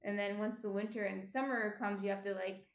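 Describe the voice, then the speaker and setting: With a steady tone and brisk delivery at medium pitch, a New Jersey-accented woman makes casual conversation with her stream audience while baking indoors at home, trailing off with ums now and then. Echo fills the recording.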